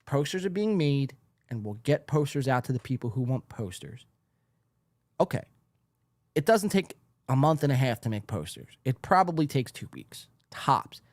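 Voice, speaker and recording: A man's voice: mid-range voice, big pitch swings, moderate pace, no echo. A man hosting a podcast, ranting in a profane, mock-outraged monologue into a studio mic. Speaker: podcast host.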